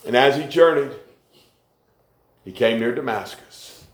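A man preaching a sermon, rhythmic and swinging between hushed lows and shouted peaks. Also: unhurried, roomy sound.

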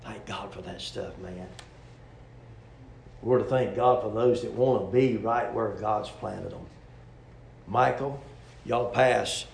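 A man's voice: fairly low pitch, takes it slowly, gravelly, long pauses, darkish tone, roomy sound, slight background noise. A man preaching a sermon in a folksy, rhetorical, joking storytelling manner.

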